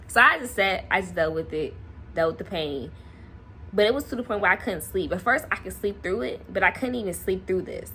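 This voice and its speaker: A young woman vlogger casually telling a personal story to camera, animated and laughing often. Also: medium pitch, fairly quick, a little hiss or hum. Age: young adult.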